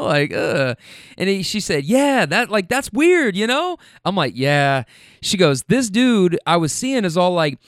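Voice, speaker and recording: A man telling a casual anecdote, animated and acting out the people he quotes. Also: high-pitched, dry recording, clean studio sound. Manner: animated, quoting others in shifting voices. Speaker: storyteller.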